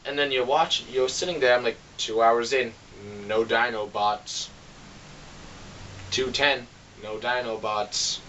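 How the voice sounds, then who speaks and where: Man, casual movie-review rant, bright edgy voice, sarcastic and fed up; faint hiss, a bit off-mic. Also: steady tone, a little slow, far from the mic, lo-fi sound. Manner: exasperated, sarcastic, acts out quotes with big pitch jumps. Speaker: film reviewer.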